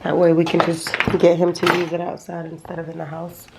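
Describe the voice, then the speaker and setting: A woman's voice: on the low side, completely flat delivery, brisk, gravelly, heavy background noise. Chatty woman vlogging to camera. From Florida. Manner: chatty, rambling, addresses viewers as y'all, baby-talks to her dog. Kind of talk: casual vlog chat to camera. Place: home, then inside a parked car.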